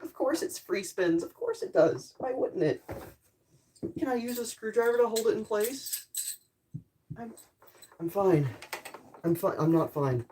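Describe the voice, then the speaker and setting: A woman's voice: medium pitch, expressive, measured pace, long pauses, warm tone, slight background noise. A young woman streamer in her bedroom, chatting casually and muttering to herself while she tinkers with a gadget. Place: bedroom at home.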